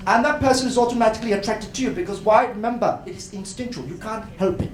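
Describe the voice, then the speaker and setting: A man giving a lively, playful workshop talk at a conference, acting out voices and laughing often. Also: high-pitched, fast, few pauses. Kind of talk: lively educational talk to an audience. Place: hotel conference room. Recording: roomy hall with faint noise.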